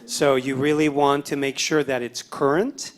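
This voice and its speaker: A man's voice: medium pitch, little pitch movement, normal speed. A man on a panel giving brief, matter-of-fact advice. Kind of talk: panel discussion.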